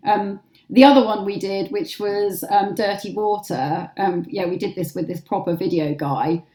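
A woman's voice: mid-range voice, normal speed, dark tone, reverberant. An English woman telling stories as an interview guest, chatty and full of filler words. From England. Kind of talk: casual storytelling.

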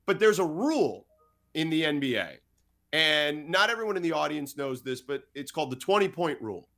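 A man from the United States who works as a sports reporter, guesting on a podcast. His voice is bright and sits a little high, and he tells stories with lively energy, slipping into the voices of the people he quotes. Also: brisk. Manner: lively anecdote-teller who acts out quoted dialogue. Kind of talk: storytelling in a podcast interview.

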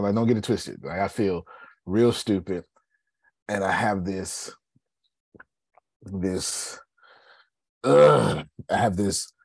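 Male host, husky and dry, blunt motivational talker who repeats himself and swears. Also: on the low side, darkish tone, dry recording. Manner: blunt, repetitive, swears freely; addresses listeners by name. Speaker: host of a coaching meeting. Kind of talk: casual motivational talk.

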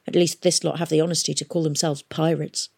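A woman reading a novel aloud, voicing a blunt, hard-bitten young woman who speaks curtly and flatly. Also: deep voice, brisk, creaky, slightly rough, no room sound, heavily acted. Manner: curt and flat.

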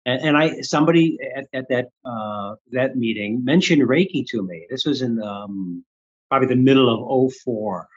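A man's voice: mid-range voice, normal speed, slightly rough, dull audio. An older man from the Midwestern United States, candidly telling a story as an interview guest and acting out his own past thoughts. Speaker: guest, Reiki teacher.

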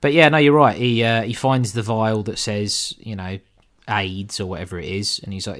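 Low-voiced laid-back man. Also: steady tone, moderate pace, fairly bright tone. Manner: laid-back, swears, mimics characters jokingly. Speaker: podcast co-host. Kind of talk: casual film review chat.

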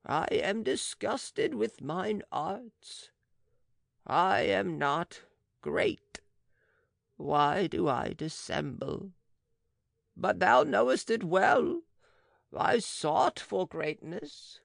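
A man's voice: sits high, animated, extremely slow, gravelly, long pauses, no room sound, studio quality, pitched above the performer's own voice, full character voice. A man voicing a weary, self-pitying old male magician in an audiobook, with a quavering, theatrical lament. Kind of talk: audiobook dramatic reading.

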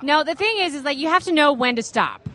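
A woman's voice: high-pitched, lively intonation, brisk, sharp tone. A teasing woman who laughs a lot, co-hosting a live podcast at a crowded party. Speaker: podcast co-host. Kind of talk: lively live podcast banter. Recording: noisy crowd behind.

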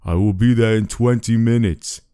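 Creepy male phone caller voiced by a man, put-on Austrian-sounding accent, slow menacing delivery, dry close sound. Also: on the low side, mellow, smooth, no echo, voice pushed up, lightly acted.

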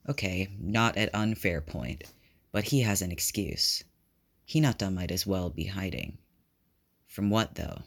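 A man reads a fan-written story aloud with a very deep, low voice. His narration is steady and even, unhurried from line to line. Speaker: reader. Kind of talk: reading fan fiction aloud.

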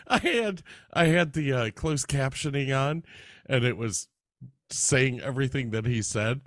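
A man co-hosting a podcast in casual chat, halting at times and laughing often. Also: mid-range voice, lively intonation, a bit bright, no room sound, clean studio sound. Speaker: podcast co-host.

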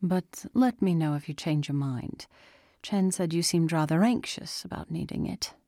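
A woman's voice: sits low, moderate pace, dark tone, no room sound, studio quality. Woman playing a courteous wealthy man.

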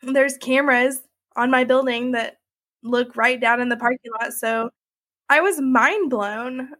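A woman's voice: high-pitched, measured pace, fairly bright tone. A young woman recounting a personal ordeal in a conversational way, full of "like" and "you know". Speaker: interviewee recounting her experience. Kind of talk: emotional personal storytelling.

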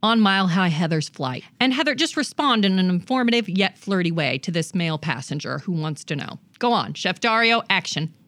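Bossy comedic advice-show hostess. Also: female voice, fairly low pitch, animated, fairly quick, hardly any pauses, a bit bright, dry recording. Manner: bossy, coaching, brash. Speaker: host.

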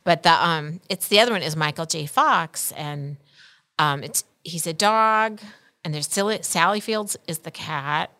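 A woman co-hosting a podcast in casual chat, rambling and animated, laughing often. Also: lowish voice, unhurried. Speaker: podcast co-host.

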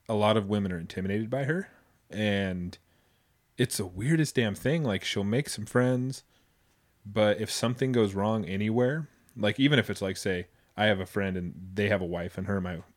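A man's voice: lowish voice, normal speed. A man hosting a casual podcast chat, rambling and loose, swearing casually as he talks. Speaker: podcast host. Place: Boise area, United States.

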